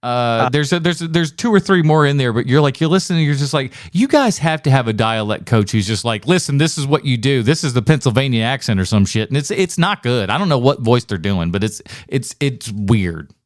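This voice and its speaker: A man's voice: mid-range voice, big pitch swings, a little fast, hardly any pauses, no echo, clean studio sound. A man co-hosting a movie podcast, talking casually with blunt, sarcastic jokes and the odd curse word. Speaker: podcast co-host. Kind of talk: casual movie review chat.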